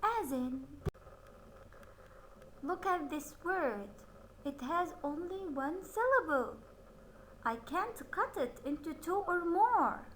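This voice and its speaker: A woman teaching young children to read, her high, bright voice swinging up and down as she stretches out each word very slowly. She praises every answer with a cheerful "good job" and keeps the whole lesson in a patient, sing-song teacher's rhythm. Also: lively intonation, a little hiss or hum, rough recording. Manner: slow, drawn-out word modelling with frequent cheerful praise.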